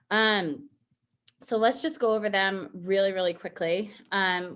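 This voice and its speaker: Woman, relaxed lesson host, chatty, self-correcting. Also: mid-range voice. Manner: chatty, self-correcting, reads word lists slowly. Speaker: Spanish teacher on a show. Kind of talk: casual language lesson.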